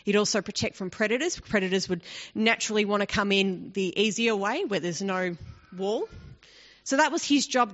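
A woman teaching a Bible passage in an explanatory, conversational way, often asking the listeners rhetorical questions. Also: medium pitch. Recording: dull lo-fi recording.

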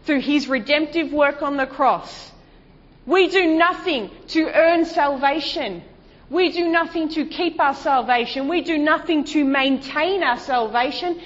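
A woman preaches a sermon in a high voice, pressing her points with rhetorical questions and sinking into hushed, lower passages. The sound is dull and lo-fi, carrying a long reverb from a large hall. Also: a little slow. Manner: emphatic, rhetorical questions, shifts to hushed low delivery.

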